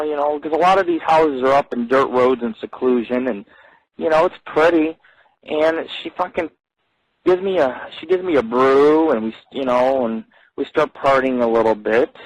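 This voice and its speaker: Husky-voiced man telling a profane ramble. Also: medium pitch, sing-song, normal speed, dry recording, rough recording. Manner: profane, swears constantly, rambling. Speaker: radio show host. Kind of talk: crude rambling storytelling on live radio.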